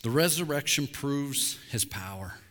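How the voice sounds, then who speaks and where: A middle-aged man, a pastor, preaching a sermon with candid, intense confessional asides, dropping to a hush on key words. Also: medium pitch, animated, unhurried. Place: church sanctuary. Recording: long hall reverb.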